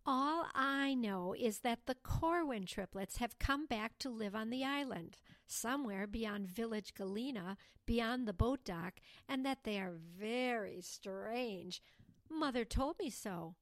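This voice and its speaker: A woman voicing Lucinda, a gossipy, self-important young girl who chatters in a sing-song way, read slowly in an audiobook. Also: a little high, animated, no echo, pitched above the performer's own voice. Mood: chattering. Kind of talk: audiobook dialogue reading.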